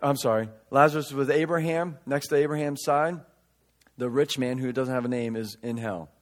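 A man preaching a conversational sermon, reading scripture and breaking into casual asides, swinging between loud emphatic lines and quiet remarks. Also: mid-range voice, steady tone, normal speed. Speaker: pastor.

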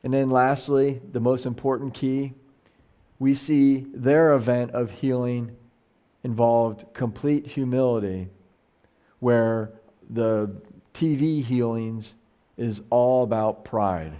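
A man's voice: mid-range voice, fairly even intonation, slow, dark tone, smooth. A middle-aged man teaching a Bible study as a pastor, talking casually and animatedly, with frequent restarts and quoted voices acted out. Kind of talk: casual conversational sermon.

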